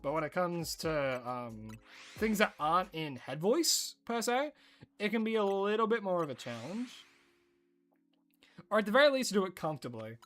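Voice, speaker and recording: A woman's voice: fairly low pitch, big pitch swings, normal speed, faint music behind. A woman streaming a game and chatting casually, playful and given to mock-dramatic narration and whispered asides. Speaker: gaming livestreamer.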